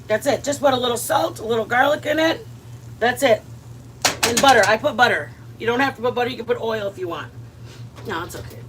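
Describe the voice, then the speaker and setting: A woman hosting a home cooking video, chatting loudly and playfully with viewers and her husband. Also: a little high, brisk, background noise. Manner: lively, loud, playful, laughing. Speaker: cooking vlog host. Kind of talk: casual cooking chat with viewers.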